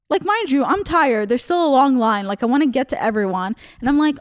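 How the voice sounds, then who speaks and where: A woman's voice: a little high, animated, a little fast, smooth, no room sound, studio quality. Chatty, laughing young woman storyteller. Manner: chatty, laughs often, acts out quoted voices. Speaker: podcast host. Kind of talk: casual storytelling monologue.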